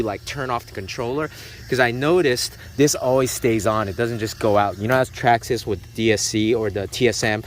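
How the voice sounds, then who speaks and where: Man, lowish voice, chatty RC car unboxing, filler words, mouth sound effects, faint background noise. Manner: rambling, filler-heavy, makes sound effects. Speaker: RC car reviewer. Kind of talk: casual unboxing demo.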